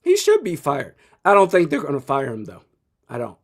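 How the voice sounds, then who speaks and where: Blunt, high-voiced man streaming game reactions. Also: huge pitch swings, normal speed. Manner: blunt, opinionated, chuckles often. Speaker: sports streamer. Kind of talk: live game commentary and reaction.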